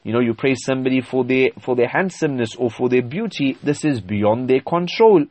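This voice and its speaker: A man preaches a sermon in an emphatic, explanatory way, often pausing with hesitations as he works through each point. His voice sits at a middle pitch, and the recording is dry and close. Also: expressive, a little mellow, dry recording. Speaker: Islamic preacher.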